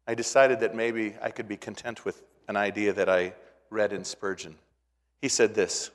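A male pastor preaching a sermon to a congregation, moving between hushed, quiet phrases and loud, emphatic ones, often repeating words. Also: on the low side, level tone, moderate pace. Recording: long reverb of a large hall.

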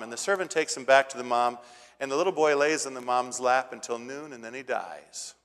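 A man's voice: medium pitch, a little fast, a bit bright. A man preaching a sermon, retelling a scripture story in a casual way and building to emphatic points. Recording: long hall reverb.

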